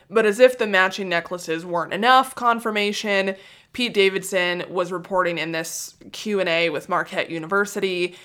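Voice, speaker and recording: A woman's voice: lowish voice, fairly bright tone. Young female podcast host, solo gossip episode, sarcastic and self-mocking delivery.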